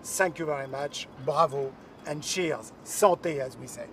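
A man's voice: mid-range voice, unhurried, a bit bright. A man with a French accent giving a light, joking video toast as a company chief, speaking outdoors on a terrace. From France. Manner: light joking, then formal. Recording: distant mic with faint outdoor noise.

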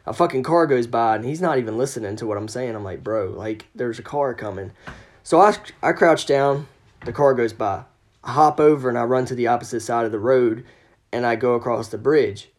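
A man's voice: mid-range voice, fairly quick. A man telling a ghost story as a podcast guest, casual and profane, acting out the quoted lines.

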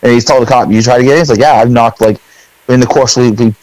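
Animated middle-aged man, very dry sound. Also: mid-range voice, quick pace, no echo, poor audio. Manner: animated storyteller, acts out his own lines; rambling with many fillers. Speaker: podcast co-host. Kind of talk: casual storytelling chat.

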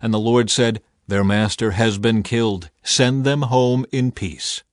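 A man's voice: mid-range voice, steady tone, a little slow, no echo, clean studio sound, lightly acted. A man voicing a defiant ancient prophet, speaking in a solemn, unyielding way in a scripture reading.

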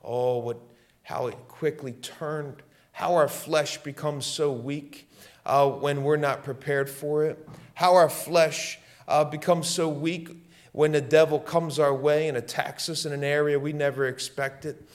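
A middle-aged man preaching a sermon as pastor, repeating his lines and swinging between loud, fervent peaks and hushed, quiet passages. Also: on the high side, steady tone, a little slow.

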